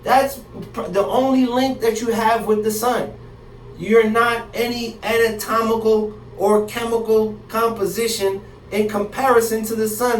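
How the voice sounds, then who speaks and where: A man teaching from the Bible in a casual, slang-filled way, talking straight to his listeners and reading verses aloud. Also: high-pitched. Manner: slangy, animated, talks to the audience directly. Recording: echoey room, distant mic, faint hiss.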